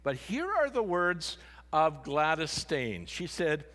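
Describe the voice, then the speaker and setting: A man preaching a sermon as pastor, earnest and solemn, often dropping to a hushed voice. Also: fairly high pitch, sing-song, slow. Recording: long hall reverb.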